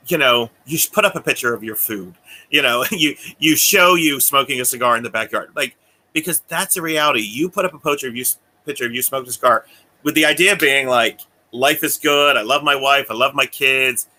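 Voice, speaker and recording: Man, very bright tense voice, rambling podcast co-host, laughs, acts out quotes. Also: medium pitch, animated, moderate pace. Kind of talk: casual chat.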